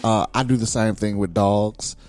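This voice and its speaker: A man's voice: fairly low pitch, fairly even intonation, moderate pace, darkish tone. A man co-hosting a podcast, chatting casually with lots of laughter and easy agreement. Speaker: podcast co-host. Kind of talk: casual chat.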